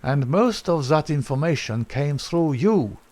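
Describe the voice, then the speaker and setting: A man voicing a strong, bitter captured foreign spy who speaks slowly and grimly. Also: mid-range voice, very animated, darkish tone, breathy edge. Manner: slow, grim and resentful.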